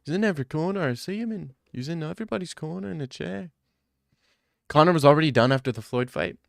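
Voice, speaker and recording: A man's voice: a little high, expressive, fast talker, gravelly, no room sound, studio quality. A man hosting a casual podcast chat, rambling and joking in loose banter.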